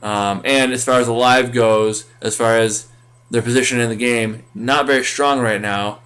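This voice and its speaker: A man's voice: medium pitch, steady tone, moderate pace, a bit bright, clear, resonant tone. A man co-hosting a casual recap podcast, rambling with many fillers and restarts. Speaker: podcast co-host.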